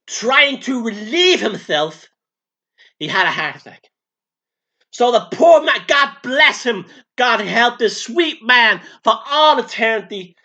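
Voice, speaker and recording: A man's voice: very high voice, sharp tone, exaggerated voice. A man doing a bawdy aging Vegas showgirl. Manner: crude, camp, gossipy storytelling with stammered restarts. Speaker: comedy character. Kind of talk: improvised comic monologue.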